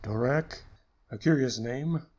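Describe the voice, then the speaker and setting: A man narrating a classic detective story as a measured, unhurried audiobook reading for sleep. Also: mid-range voice, darkish tone, highs cut off.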